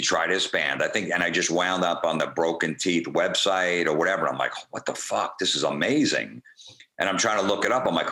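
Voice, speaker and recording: A comedian being interviewed, telling rambling, profane, laid-back anecdotes in a casual way. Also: male voice, low voice, sharp tone, reverberant. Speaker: comedian guest.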